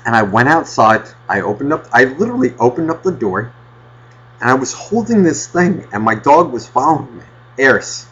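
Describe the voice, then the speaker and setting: A male podcast host telling a profane, ranting story in casual chat with a husky voice. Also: medium pitch, very animated, normal speed, a bit bright, dull audio.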